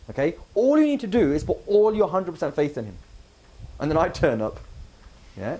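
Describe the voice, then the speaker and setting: A man's voice: a little high, very animated, normal speed, pauses often, mellow, husky. A man giving a conversational religious talk to a camp audience, often asking them questions. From United Kingdom. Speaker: visiting religious speaker. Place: camp hall with a live audience.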